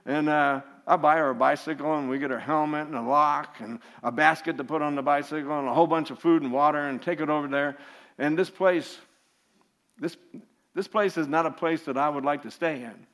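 A man's voice: fairly high pitch, fairly even intonation, brisk, fairly bright tone. Chatty laughing male preacher. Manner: chatty, laughs often, many restarts. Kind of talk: anecdotal sermon.

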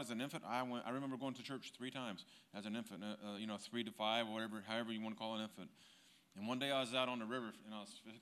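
Guy sharing his testimony at church, bright forceful voice, earnest and heartfelt. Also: medium pitch. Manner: earnest, building to fervent. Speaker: church member giving testimony.

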